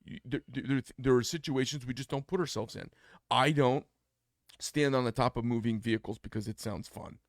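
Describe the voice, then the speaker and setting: A man's voice: mid-range voice, a little fast, vocal fry, dry recording, clean studio sound. A man co-hosting a casual podcast, telling a personal story bluntly and acting out the quoted dialogue. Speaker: podcast co-host.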